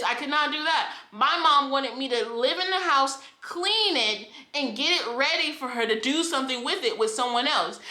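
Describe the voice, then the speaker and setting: A woman's voice: high voice, sharp tone, echoey room. A young woman vlogger telling a painful family story, venting with frustration, repeating herself and laughing through it, recorded on a phone at home. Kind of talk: emotional personal storytime vlog. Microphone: phone camera.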